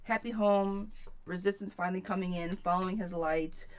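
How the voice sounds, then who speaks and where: A woman giving a casual live tarot reading, slightly low in pitch and talking straight to her viewers. She encourages them warmly and calls them girl and sweetheart. Her voice is picked up by a webcam mic at home. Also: fairly even intonation, normal speed. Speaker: tarot reader hosting a live stream.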